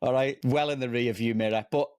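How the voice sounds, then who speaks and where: A man's voice: mid-range voice, fairly even intonation, a little fast, a little mellow, clean tone, no room sound, clean studio sound. A man with a northern English accent hosting a podcast interview, friendly and jokey. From Wigan, England. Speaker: podcast host. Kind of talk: casual interview chat.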